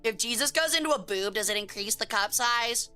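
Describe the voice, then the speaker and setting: Woman streamer, casual live-stream chat, slangy and joking, bright forceful voice, smooth clear tone, faint music underneath. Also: on the high side, expressive, fairly quick.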